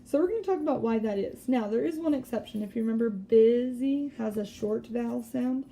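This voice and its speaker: A woman teacher giving a recorded spelling lesson, patiently explaining step by step and sounding out words slowly. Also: a little high, creaky, dark tone, slight background noise. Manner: slow deliberate word-by-word sounding out.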